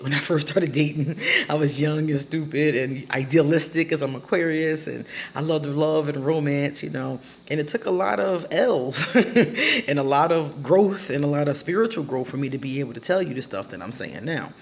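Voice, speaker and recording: Gravelly-voiced woman telling a story. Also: low-pitched, moderate pace. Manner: candid, laughs often, emphatic. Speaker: tarot reader. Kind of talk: casual storytelling.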